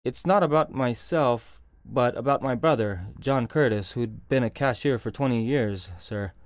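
A man reading as a husky, nervous bank clerk. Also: mid-range voice, expressive, normal speed, darkish tone, no echo, clean studio sound, voice pushed up, lightly acted. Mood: distressed. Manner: anxious, hesitant. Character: nervous male bank clerk, agitated, pleading. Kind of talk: audiobook character reading.

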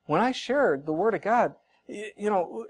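A man's voice: sits high, lively intonation, measured pace. A man preaching a sermon as pastor, earnest and conversational, repeating points for emphasis with casual asides.

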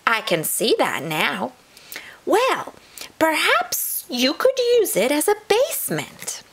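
A woman voicing a small, helpful female chipmunk with a squeaky, eager voice in a children's storybook reading. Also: huge pitch swings, slow, a bit bright, heavily acted. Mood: apologetic. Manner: chirpy and eager.

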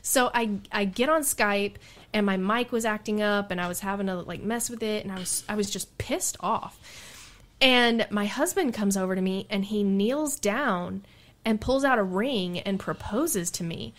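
A woman guest on a podcast, chatting casually and telling lively stories, often laughing and acting out what people said. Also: mid-range voice, a little slow. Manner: animated, laughs often, quotes herself and others in stories. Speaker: podcast guest and radio show host. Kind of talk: casual storytelling chat.

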